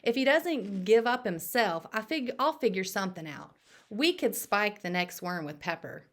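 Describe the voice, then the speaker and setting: A woman voicing an excitable, dramatic boy in a storybook read-aloud, with lively acted sneezes. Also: mid-range voice, moderate pace, close to an everyday voice. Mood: excited.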